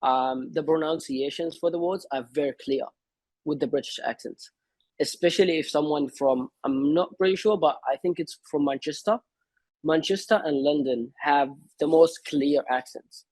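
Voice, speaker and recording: Husky-voiced hesitant male guest. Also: fairly high pitch, normal speed, a little mellow, dry recording. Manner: hesitant, many fillers and restarts. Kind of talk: casual conversation.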